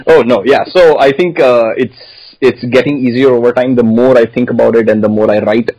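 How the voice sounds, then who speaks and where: Husky guy from india being interviewed, modest, talks in a measured way. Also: mid-range voice, steady tone, warm tone, low-quality recording. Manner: thoughtful and modest, measured phrasing. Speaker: guest, medical doctor and PhD student. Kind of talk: interview answers.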